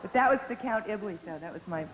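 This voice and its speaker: A woman tells a fan-panel anecdote with lively energy, often breaking into laughter. She sits in a large convention hall, and her voice carries a long reverb. A faint hiss runs under the old recording. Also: mid-range voice, fast. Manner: animated storytelling with frequent laughter. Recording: echoey hall, faint noise, 1990s audience tape.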